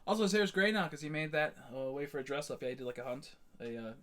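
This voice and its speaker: A man's voice: fairly high pitch, expressive, fast, a bit bright. A young man streaming a game, chatting casually to viewers in a rambling, blunt way, full of fillers and restarts. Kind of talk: casual live-stream chat.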